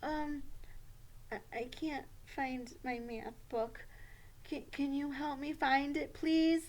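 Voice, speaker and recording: A woman's voice: high-pitched, fairly even intonation, slow pace. Woman doing a stammering, timid little schoolboy puppet. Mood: worried. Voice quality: stammering, hesitant. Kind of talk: children's puppet show.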